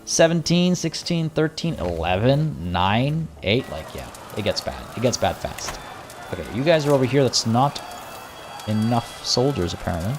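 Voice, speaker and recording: A man's voice: mid-range voice, a little mellow. Wry male game streamer. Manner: chatty, wry, mock-villainous asides. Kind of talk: casual live gameplay commentary.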